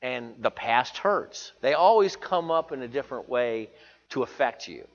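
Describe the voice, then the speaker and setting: A man's voice: mid-range voice, lively intonation, moderate pace, long reverb tail, muffled recording. A man preaching a sermon to his church, earnest and confessional, repeating phrases for emphasis. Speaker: pastor.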